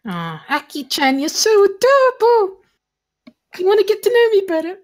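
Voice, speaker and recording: A woman voicing a chirpy teenage schoolgirl on the student council, in a squeaky high voice. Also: big pitch swings, moderate pace. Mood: gushing.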